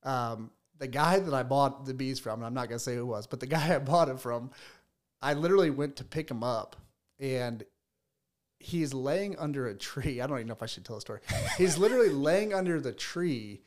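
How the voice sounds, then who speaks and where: A man's voice: mid-range voice, lively intonation, fairly quick. A man who runs a beekeeping business, chatting in a casual podcast interview and telling stories with many restarts and repeated words. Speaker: beekeeper and bee business owner.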